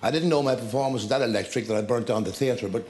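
A man, a talk show guest, telling lively anecdotes with laughter and acted-out scenes. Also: mid-range voice, fast talker. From Ireland. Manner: storytelling with laughter, acting out scenes.

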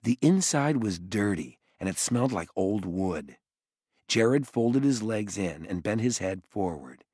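A man reading an audiobook in expressive scripted narration, close to the mic. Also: lowish voice, a little slow, husky, no echo. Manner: expressive storytelling.

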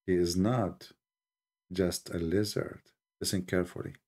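A man's voice: sits low, flat delivery, measured pace, darkish tone. A man hosting a mocking commentary, sarcastic, laughing often, in broken English. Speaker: channel host.

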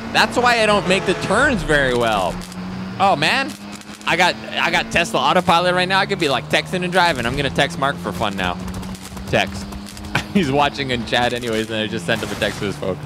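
A man playing a video game, joking and thinking aloud in casual let's-play commentary. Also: a little high. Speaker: gaming streamer. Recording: game sounds and noise behind.

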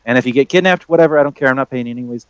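A man's voice: medium pitch, racing, clear, resonant tone, dry recording, close to an everyday voice. A man doing a blunt, uncaring trade official. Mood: offhand. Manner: rambling, repetitive, offhand.

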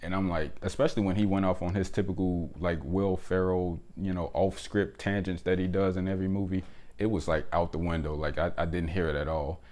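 A man with a notably low, deep voice talks through a movie review in a loose, conversational way. He is opinionated and fills his sentences with "you know" and "like". It sounds like a host speaking to his channel from inside his home. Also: flat delivery, fairly quick, a little mellow. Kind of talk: casual spoken film review. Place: indoors at home with windows closed.

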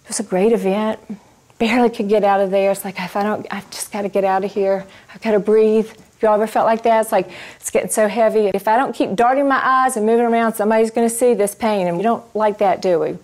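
A woman's voice: medium pitch, fairly even intonation, quick pace, a little mellow. A woman, a Christian ministry speaker, tells a personal faith testimony to a live audience. She tells it expressively and turns to ask the audience questions.

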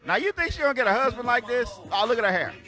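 A man in his forties, a religious teacher giving loud, exclamatory preaching commentary in casual street talk. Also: extremely high pitch, lively intonation, rapid-fire, loud music behind the voice. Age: 40s. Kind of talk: animated preaching commentary on videos.

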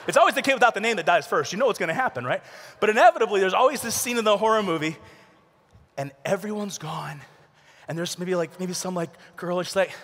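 A man's voice: high-pitched, quick pace. A middle-aged man giving a youth conference talk in a large arena. He tells comic stories with lots of energy and then turns earnest. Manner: animated comic storytelling, earnest. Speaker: conference speaker. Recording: long reverb of a large hall.

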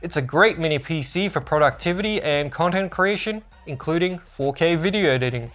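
A man's voice: fairly high pitch, expressive, fairly quick, a bit bright, faint music behind. A man narrating a scripted product review as a tech channel host, upbeat and informative.

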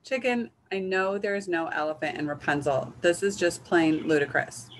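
A woman's voice: fairly low pitch, normal speed, a little hiss or hum, natural voice. A woman doing an exasperated storybook papa. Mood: patient. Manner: patient but exasperated explaining. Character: patient, exasperated storybook father.

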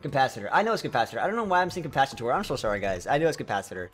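A man commenting on his own gameplay for a live stream, with a middle-range voice. He talks straight to his viewers, gets excited, and trips over his words as he goes. Faint game music plays under him. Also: mid-range voice, rapid-fire, breathy edge.

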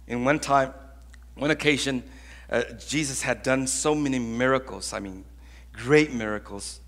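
A man preaching a sermon as pastor, telling stories in an animated, conversational way with acted-out voices. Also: mid-range voice, a little slow. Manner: conversational, with frequent restarts.

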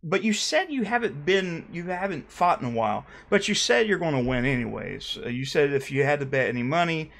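A man hosting a comedic mock interview, talking low and deadpan with hesitant restarts. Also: fairly quick, gravelly, few pauses. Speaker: parody interviewer.

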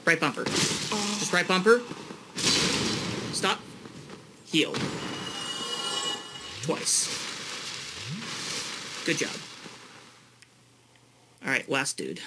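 A man's voice: a little high, big pitch swings, very slow, pauses often, very noisy. A young adult man coaching his father through a video game with short, patient instructions. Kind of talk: casual gaming coaching.

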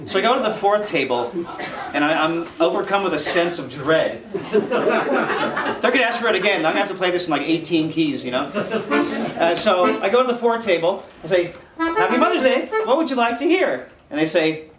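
A man's voice: sits high, expressive, moderate pace. A man telling a wry, chatty anecdote between songs at a concert, acting out quotes as he goes. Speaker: musician telling a story on stage. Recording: echoey hall, from far off, music behind.

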